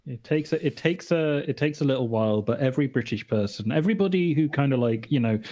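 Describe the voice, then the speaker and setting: A man's voice: mid-range voice, expressive, fast, mellow. Sardonic man telling stories on a call. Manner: sardonic storyteller, swears freely, puts on voices in anecdotes. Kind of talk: casual chat.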